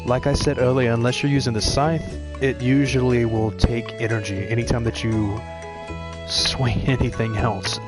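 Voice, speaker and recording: A man's voice: mid-range voice, level tone, moderate pace. A man giving casual gameplay commentary, chatting and explaining tips to his viewers. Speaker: let's play streamer. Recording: game music behind the voice. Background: game music.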